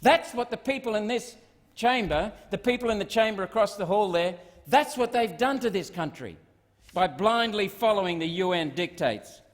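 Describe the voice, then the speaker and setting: A man's voice: high-pitched, lively intonation, moderate pace. A middle-aged Australian man giving a combative parliamentary speech, firing off repeated rhetorical questions. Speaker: senator. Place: parliament chamber. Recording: long reverb of a large chamber.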